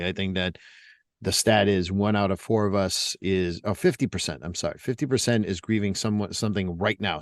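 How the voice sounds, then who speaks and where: Speaking in a fairly low pitch, this middle-aged man hosts a podcast and tells stories in a blunt, casual manner, frequently repeating himself. The recording is clean studio sound with no room sound.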